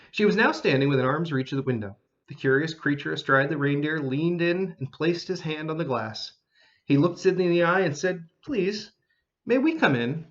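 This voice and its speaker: A man narrating a children's storybook in an expressive, animated reading style. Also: a little high, dull audio.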